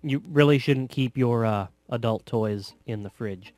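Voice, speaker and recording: A man casually commenting on a video game, joking sarcastically with bursts of loud laughter. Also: mid-range voice, a little slow, dry recording. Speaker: gameplay commentator. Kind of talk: casual let's play commentary.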